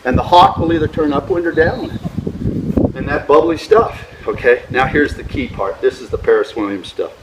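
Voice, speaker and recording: A middle-aged man giving an outdoor hang gliding lesson, animated and mimicking instrument beeps. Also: moderate pace, reverberant, background noise. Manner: animated, imitates vario beeps with rising pitch. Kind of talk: outdoor flying lesson talk. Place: outdoors at a mountain flying site.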